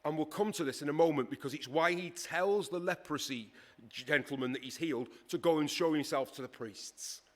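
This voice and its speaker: A man preaching a sermon in a conversational, emphatic way, with dramatic pauses. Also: fairly high pitch, fairly bright tone.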